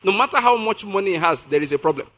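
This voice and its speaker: A man preaching a sermon, reading scripture slowly and asking his listeners questions. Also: high-pitched, expressive, a bit bright. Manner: reads scripture slowly, then asks the congregation questions.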